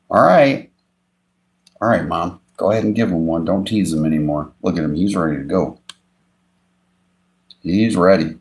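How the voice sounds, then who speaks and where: Excitable slow-talking man with a low voice. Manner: excitable, coos at his pet fish in sudden high bursts; chuckles often between remarks. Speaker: fishing channel host. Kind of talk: casual livestream chat.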